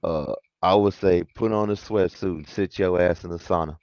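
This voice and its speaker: Gravelly low-voiced man, dull lo-fi sound. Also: normal speed, a little mellow, no room sound. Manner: slangy, says fam and bro. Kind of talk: casual basketball chat.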